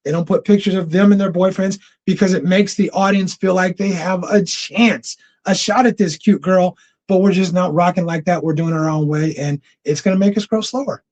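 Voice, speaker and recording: A man with a high-sitting, steady, slightly mellow voice runs a casual livestream at a brisk clip. He speaks loosely in slang, breaking into laughs and restarts, and the audio sounds dull and lo-fi.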